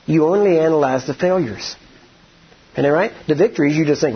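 Husky preacher man. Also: on the high side, a little fast, lo-fi sound. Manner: conversational, asks the congregation for agreement. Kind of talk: sermon.

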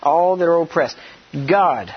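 A man preaching a sermon, rambling with many "I mean" and "you know", acting out quoted speech and slowing down to stress scripture. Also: fairly high pitch, expressive, husky. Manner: slows down and stresses words when teaching scripture. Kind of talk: sermon with storytelling. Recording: dull lo-fi recording.

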